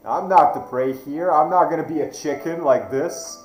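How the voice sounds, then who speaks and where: A man, not a native English speaker, telling a personal story slowly and deliberately, with hesitant restarts. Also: fairly high pitch, a little mellow, reverberant, faint music behind, low-quality recording. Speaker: channel host. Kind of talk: reflective storytelling monologue.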